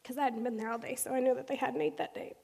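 A woman's voice: high voice, fast, creaky. Young woman telling a story in a reverberant hall. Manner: animated storytelling, acting out the people she quotes. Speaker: church speaker sharing her testimony. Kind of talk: personal testimony told to a congregation.

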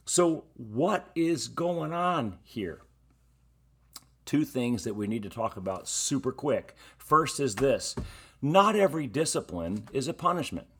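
Middle-aged guy preaching, slow and chatty, tells stories, punches the key words. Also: medium pitch, very animated, a bit bright, breathy edge. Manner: conversational, story-telling, emphatic on key words. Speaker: pastor. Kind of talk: sermon.

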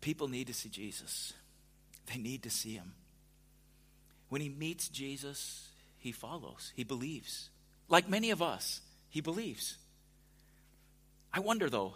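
A man preaching a sermon in a conversational way, dropping to a hush at times and rising to emphatic points. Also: a little high, husky. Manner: conversational, swings from hushed to emphatic. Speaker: pastor.

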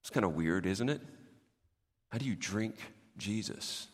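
A man preaching a sermon as a pastor, animated and swinging between loud and hushed, with jokey asides. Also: fairly low pitch, unhurried, big-room sound.

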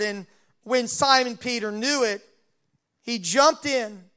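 A male preacher delivering a sermon at an unhurried, deliberate pace. His voice is smooth and clear, and he slips into the lines of the story's speakers as he retells it. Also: extremely high pitch, pushed and bright.

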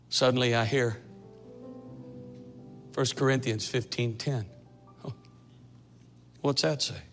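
A preacher in his sixties tells his testimony in a bright, forceful voice, shifting from hushed recollection to fervent shouting. The sound rings with the long reverb of a church hall, with faint music in the background. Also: medium pitch. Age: 60s. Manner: dramatic storytelling that builds to fervent shouting. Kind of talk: testimony sermon. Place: church sanctuary.

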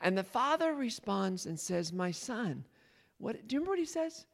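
A man's voice: high voice, sing-song, normal speed, creaky. A man leading a Bible study, retelling a story and questioning his listeners, laughing often. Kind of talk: interactive Bible teaching.

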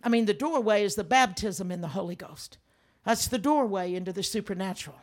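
An older woman preaching a sermon, telling stories with animated emphasis and frequent laughs. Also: mid-range voice, a little fast. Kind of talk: sermon with storytelling.

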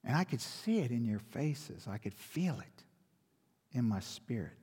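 Man, pastor, sermon, breathy husky voice, mid pitch, loud-to-hushed storytelling, echoing church. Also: big pitch swings, measured pace. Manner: dramatic storytelling with sudden swings from loud to hushed. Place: church sanctuary. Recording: long reverb of a church hall.

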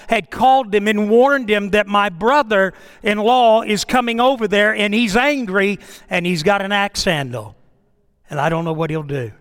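Middle-aged preacher man, fairly high voice, big dramatic storytelling, church hall echo. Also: a bit bright, clean tone. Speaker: pastor. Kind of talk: sermon storytelling.

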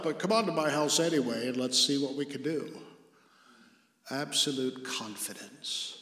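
A man preaching a sermon as pastor, earnest, sometimes dropping his voice to a hush for emphasis. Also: medium pitch, a little slow. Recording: echoey hall with long reverb.

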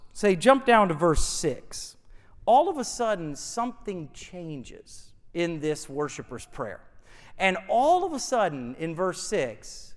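A man preaching a sermon as pastor, talking in a conversational, animated way with frequent restarts. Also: high-pitched, in a large hall. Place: church sanctuary.

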